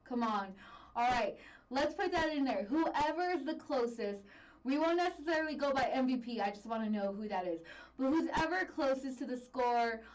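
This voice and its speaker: An upbeat woman hosts a live stream in a bright, high voice, greeting viewers by name in easy casual chat. She sits a little back from the mic. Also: recorded from a distance, rough recording. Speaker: livestream host. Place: Denver, Colorado.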